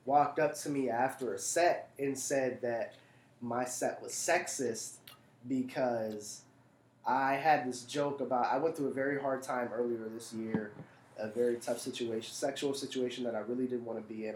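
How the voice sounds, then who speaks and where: Comedian guy ranting on a podcast, mid pitch, roomy echo. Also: moderate pace, slight background noise. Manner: animated, emphatic and profane when ranting. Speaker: stand-up comedian. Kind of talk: casual podcast chat.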